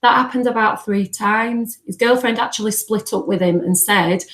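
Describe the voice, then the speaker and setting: A woman telling her story as a guest on a podcast, in an earnest, halting way. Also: mid-range voice, a bit bright, echoey room, low-quality recording. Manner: earnest, halting, acts out remembered dialogue. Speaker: guest, bereaved mother. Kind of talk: personal storytelling in a podcast interview.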